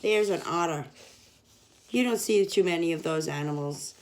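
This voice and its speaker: A young woman teaching children, reading an alphabet picture book aloud and sounding out each letter. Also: on the low side. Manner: slow, sounding out letters, lively sing-song.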